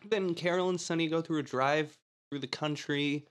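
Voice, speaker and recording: A man's voice: fairly high pitch, steady tone, moderate pace. A man co-hosting a podcast, recapping a film in casual chat, rambling and laughing often as he quotes lines. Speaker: podcast co-host.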